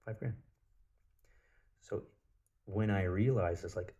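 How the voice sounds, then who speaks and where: A man's voice: lowish voice, flat delivery, moderate pace, long pauses, darkish tone, muffled recording. A man telling a personal story in a casual spiritual monologue, blunt and profane, with lots of filler words.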